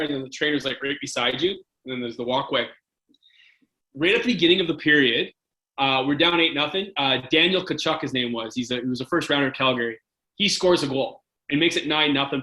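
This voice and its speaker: A man from Canada, a former hockey goalie, casually telling animated stories as a podcast guest. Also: on the high side, roomy sound, low-quality recording. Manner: animated anecdote-telling, filler-heavy. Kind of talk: casual storytelling interview.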